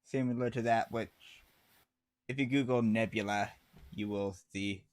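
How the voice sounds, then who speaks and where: A man running a tabletop game as game master, describing scenes in a plain, unhurried way. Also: on the low side, fairly even intonation, darkish tone.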